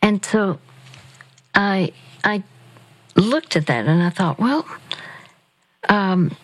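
An older woman giving gentle, measured Christian counsel on a call-in radio show. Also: medium pitch, animated, low-quality recording. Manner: slow, gentle, measured, with fillers.

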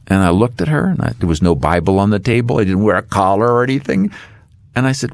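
A man's voice: fairly low pitch, fast talker, dry recording, clean studio sound. A middle-aged man, an author and guest, telling a faith story and acting out the voices in it. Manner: animated storyteller acting out dialogue.

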